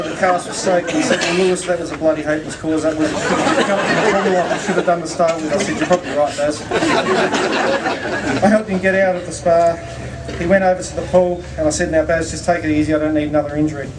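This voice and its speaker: A man's voice: a little high, fairly even intonation, fairly quick, a loud crowd, very noisy. A man giving a eulogy at a memorial, telling a humorous story with acted-out dialogue. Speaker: eulogy speaker. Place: memorial gathering. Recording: distant mic with audible room ambience.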